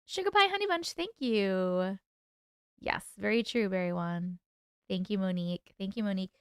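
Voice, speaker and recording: A woman's voice: medium pitch, animated, moderate pace, smooth, no room sound, clean studio sound. A woman hosting a casual livestream, chatting with viewers, reading their comments aloud and laughing often. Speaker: livestream host and author.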